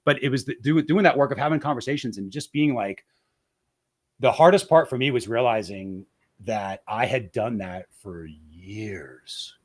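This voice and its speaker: A man's voice: medium pitch, measured pace. A man as a podcast guest, speaking candidly and reflectively, often restarting and repeating words as he searches for the right phrasing. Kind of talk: candid interview conversation.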